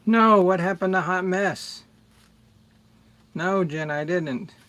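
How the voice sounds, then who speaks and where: A middle-aged man hosting a music livestream, chatting slowly and rambling as he greets viewers by name. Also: high voice, fairly bright tone. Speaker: livestream music show host. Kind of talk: casual livestream chat with viewers.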